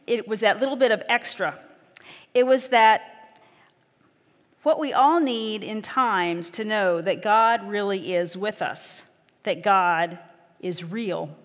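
A woman pastor reads scripture and preaches at a measured, gentle pace. Her voice sits in a middle register. A long reverb from the church hall trails behind each phrase. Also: mid-range voice. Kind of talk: scripture reading and sermon.

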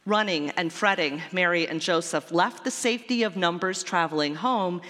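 Slow-speaking woman preacher in a reverberant church. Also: on the low side, fairly bright tone. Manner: lyrical, repetitive, wondering. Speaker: pastor. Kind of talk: sermon.

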